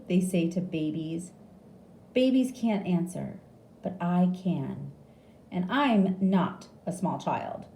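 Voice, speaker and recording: Woman narrator for learner audiobook: slow, lively, mellow tone, echoey room. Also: mid-range voice, slight background noise. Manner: slow, clear, expressive reading. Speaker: reader. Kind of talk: graded reader audiobook narration. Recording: echoey room with faint ambience.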